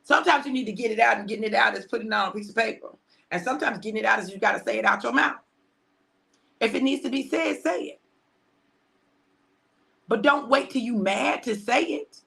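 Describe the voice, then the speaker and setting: A woman pastor, preaching conversationally on a livestream, repeating phrases for emphasis and dropping to hushed tones. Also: a little high, fairly quick, gravelly, long pauses.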